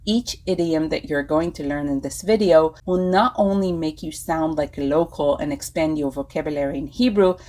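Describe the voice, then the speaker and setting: A young woman giving a scripted language lesson, speaking clearly and repeating phrases slowly to teach them. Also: lowish voice, a little mellow, poor audio. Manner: clear, slow repetition of phrases. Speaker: Hebrew teacher.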